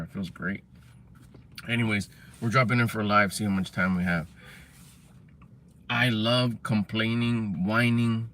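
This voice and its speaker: A man's voice: lowish voice, fairly bright tone, a little hiss or hum. A man livestreaming from his car in a casual, chatty way, swearing freely and answering comments from his chat. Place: parked car.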